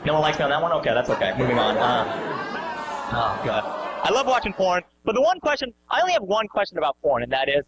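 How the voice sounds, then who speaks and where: A man's voice: a little high, background noise. A man doing self-deprecating stand-up comedy in a comedy club, bantering with the audience. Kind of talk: stand-up comedy with crowd work. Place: comedy club stage before a live audience. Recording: echoey live club with audience laughter.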